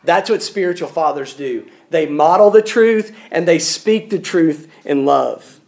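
High-voiced earnest male preacher. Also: animated, measured pace, vocal fry, darkish tone. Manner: earnest, pleading, repeats words when starting a thought. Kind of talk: sermon.

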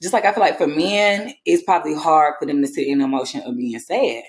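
Low-voiced woman in laughing podcast chat. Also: fast, a little hiss or hum. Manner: expressive and laughing, addresses listeners as y'all. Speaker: podcast co-host. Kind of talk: casual chat.

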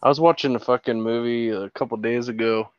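A man's voice: mid-range voice, steady tone, brisk, clear, resonant tone, dry recording. Male guest, hesitant loose chat, slightly muffled recording. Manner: loose, hesitant, many fillers and swears. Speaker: podcast guest. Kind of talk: casual profane chat.

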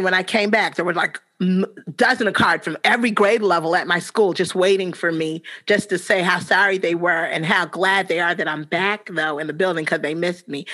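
A woman's voice: fairly low pitch, pushed and bright. A middle-aged woman, a teacher, telling earnest personal stories as a podcast guest, her voice jumping up when she quotes the children. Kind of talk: personal storytelling in a podcast interview.

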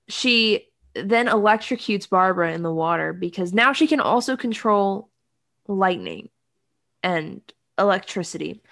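A woman's voice: medium pitch, a bit bright. A woman co-hosting a casual podcast, recapping a film in a rambling, wry way, full of "like" fillers. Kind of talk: casual chat.

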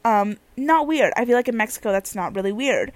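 Animated, slangy young woman, bright voice. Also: on the high side, fairly quick, dry recording. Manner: animated, slangy, swears freely. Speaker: vlogger. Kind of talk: casual storytelling.

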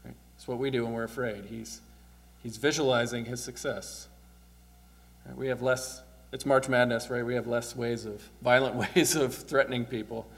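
A man's voice: medium pitch, steady tone, moderate pace. A male pastor giving a casual, conversational sermon, often asking "right?" and chuckling as he talks.

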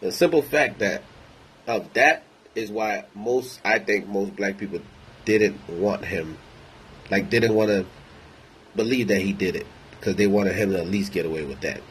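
A man's voice: fairly low pitch, measured pace, a little hiss or hum, poor audio. A man ranting in a casual monologue, rambling, blunt and heavy on profanity. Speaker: vlogger.

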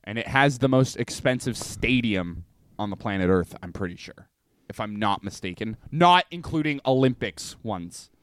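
A man's voice: lowish voice, expressive, normal speed, dry recording. A man co-hosting a podcast in casual chat, laughing often and swearing. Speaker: podcast co-host.

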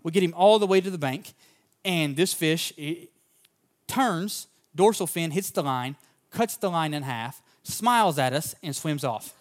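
In an expressive voice at a measured pace, a man whose pitch runs somewhat high gives a sermon as pastor. He talks directly to his congregation, recounting a personal story in a heartfelt, folksy, plainspoken manner.

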